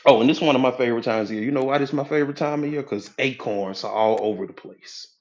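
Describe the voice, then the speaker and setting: Man, motivational talk, preachy, folksy, repetitive, medium pitch, dull lo-fi audio. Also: fast, darkish tone. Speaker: motivational speaker, hypnotherapy coach. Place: live audio app room.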